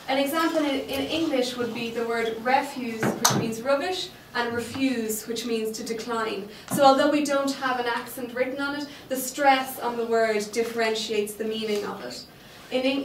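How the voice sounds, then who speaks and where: A high-voiced woman teaches a Spanish class, patiently explaining step by step and checking in with students often with a frequent "okay." A distant room mic captures the lesson, leaving it echoey with a noisy background.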